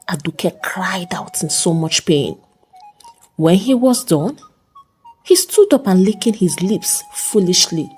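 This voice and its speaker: A woman narrating a folktale in a dramatic, unhurried storytelling manner. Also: mid-range voice, sing-song, a little mellow, breathy edge. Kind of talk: scripted narration. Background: faint background music.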